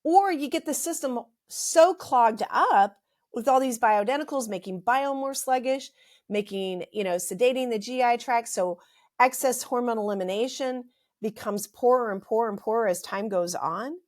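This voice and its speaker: A woman's voice: fairly high pitch, normal speed. A middle-aged woman hosting a health podcast, ranting emphatically and repeating phrases, her throat a little dry. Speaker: podcast host, health practitioner. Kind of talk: impassioned health podcast monologue.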